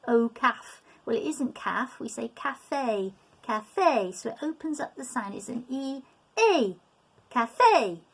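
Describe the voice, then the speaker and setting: A woman's voice: on the high side, gravelly, husky. A middle-aged woman teaching a beginners' language lesson, patient and repetitive, often checking in with "okay?". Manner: patient, repeats words slowly, checks in with "okay?". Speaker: French teacher. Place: room, sitting at a table.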